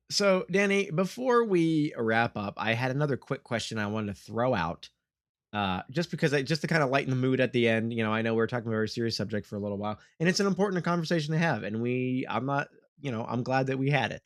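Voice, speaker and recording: A man's voice: medium pitch, expressive, quick pace, no room sound, clean studio sound. A man hosting a podcast in casual chat, rambling through long questions with many restarts. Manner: rambling, full of fillers and restarts. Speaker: podcast host.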